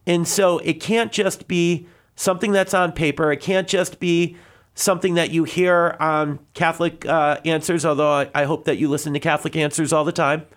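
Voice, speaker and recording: A man from Connecticut answering a caller on a live radio show, a little out of breath, earnest and rambling with many restarts. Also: on the high side. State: slightly out of breath. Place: radio studio.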